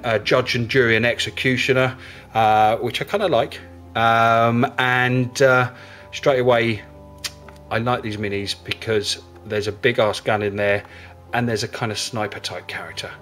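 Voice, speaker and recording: A man's voice: mid-range voice, a bit bright. Enthusiastic man reviewing miniatures. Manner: enthusiastic, rambling with many fillers. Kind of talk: casual product review.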